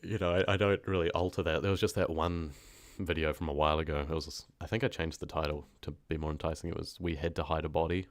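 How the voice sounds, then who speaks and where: A deep-voiced man chats casually with his live-stream viewers. He rambles in a relaxed way and laughs easily. His voice sounds dry and close, with no room echo. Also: quick pace, hardly any pauses. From New Zealand. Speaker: horror story narrator and streamer.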